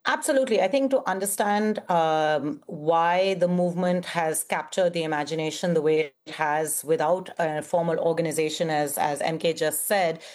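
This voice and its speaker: A woman's voice: sits low, darkish tone. Analytical woman from India on a panel. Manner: measured, analytical, with frequent fillers. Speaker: guest commentator. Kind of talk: panel discussion.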